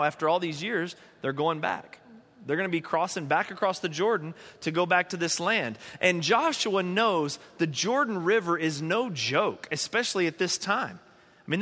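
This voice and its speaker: Male pastor, sermon, earnest and conversational, bright tense voice, reverberant church hall. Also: high-pitched. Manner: earnest, conversational preaching with pleading emphasis.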